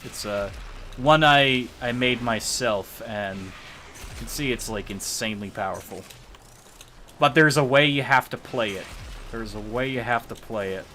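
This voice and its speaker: A man's voice: mid-range voice, unhurried, pushed and bright, a little hiss or hum. A man streaming a video game live, chatting casually and explaining his character build as he plays.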